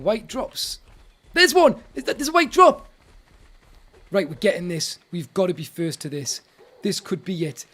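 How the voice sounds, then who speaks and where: A young man giving live commentary while he plays a video game, excitable and talking to himself. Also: a little high, slight background noise. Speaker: streamer. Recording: game music in the background. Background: game music.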